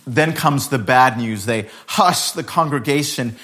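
A pastor with a medium-pitched voice preaches unhurriedly, recounting scripture as a dramatic story. He shifts his pace and volume often.

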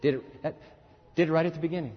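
A man preaching a sermon in an animated way, acting out voices and urging his listeners to join in. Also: on the high side, quick pace. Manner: animated, acts out voices, urges the audience. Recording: echoey hall, dull lo-fi sound.

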